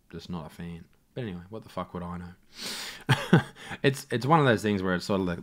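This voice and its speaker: Profane Australian man ranting. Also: medium pitch. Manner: profane, rambling, laughing. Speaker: comedian podcast host. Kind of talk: solo comedy podcast rant. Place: home setup in self-isolation.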